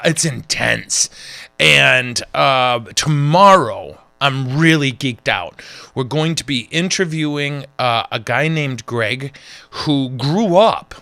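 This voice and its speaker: A man, a priest, hosts a casual show, cracking jokes and wandering off on tangents with lively energy. His voice is bright and forward, at a middle pitch. The recording is dry and close. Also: gravelly, no echo. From United States. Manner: joking, rambling, animated. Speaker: priest and podcast host. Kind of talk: casual chat.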